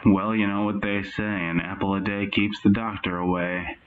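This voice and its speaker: A man interviewing a guest, asking questions with hesitant, deadpan delivery. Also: lowish voice, normal speed, crowd noise. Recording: dull lo-fi mic with faint noise.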